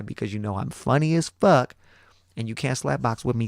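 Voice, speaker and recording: A man hosting a podcast, telling a long story in a profane, repetitive, animated way. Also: mid-range voice, a little fast, vocal fry, no room sound, studio quality. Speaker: podcast host. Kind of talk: casual storytelling monologue.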